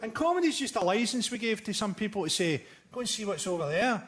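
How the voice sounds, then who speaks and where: A man doing live stand-up comedy, with a deadpan, dark, sardonic delivery and mocking impressions. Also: sits high, quick pace. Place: theatre stage before a laughing audience. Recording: live theatre recording with loud crowd noise.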